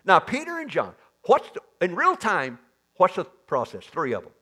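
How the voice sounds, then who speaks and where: A man preaching a sermon in church, animated, with sudden loud, higher bursts. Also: normal speed, slightly rough. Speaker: pastor.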